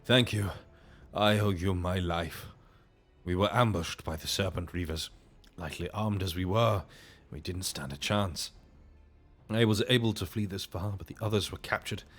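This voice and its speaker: A man's voice: deep voice, normal speed, a bit bright, faint music behind. A man voicing a wounded soldier scout, reporting urgently.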